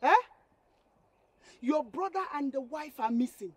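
A woman's voice: high-pitched, expressive, measured pace, no echo. A young actress with a Nigerian accent playing a scornful woman scolding a pest. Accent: Nigerian English. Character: sharp-tongued young woman.

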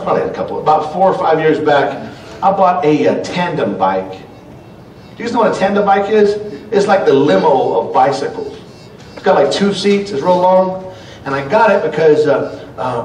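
A middle-aged man preaches in a folksy storytelling way, his fairly high voice rising loud and dropping to a hush. He sounds set back from the microphone, and the church room around him is echoey. A faint rumble runs underneath. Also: lively intonation, moderate pace, distant mic. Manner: folksy storytelling, swings between loud and hushed. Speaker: pastor. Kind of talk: sermon. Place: church sanctuary.

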